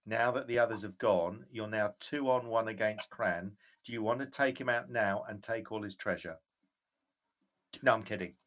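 A man running a tabletop game as game master, narrating the scene in a measured, descriptive way with occasional fillers. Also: on the low side, a bit bright.

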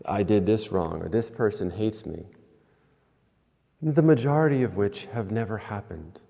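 A man preaching a sermon in a church, telling stories slowly with pauses. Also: on the low side, creaky, mellow. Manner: slow, storytelling with pauses. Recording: long hall reverb.

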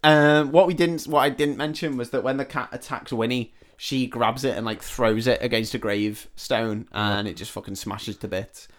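A man at a middling pitch talks through a film scene by scene. He is casual and sweary and often breaks into laughter. He drops in quoted lines as he goes. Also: fairly even intonation, moderate pace, fairly bright tone. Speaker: podcast co-host. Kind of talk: casual comedic film recap.

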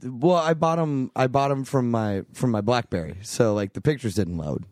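A man co-hosting a comedy podcast, bragging deadpan about absurd things. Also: mid-range voice, normal speed, no room sound, studio quality. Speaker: podcast co-host.

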